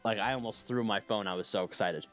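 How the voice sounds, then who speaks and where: A man's voice: fairly low pitch, fast, a bit bright, lo-fi sound, faint music behind. A man hosting a podcast in casual chat, with a slight lisp, laughing often and restarting his sentences. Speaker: podcast host.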